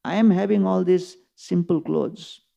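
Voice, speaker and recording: A man's voice: high voice, expressive, unhurried, gravelly, darkish tone, heavily acted. A man voicing an indignant old male sage who scolds a king in a retold scripture story, repeating his rebukes one after another. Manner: chastising, rhetorical repetition.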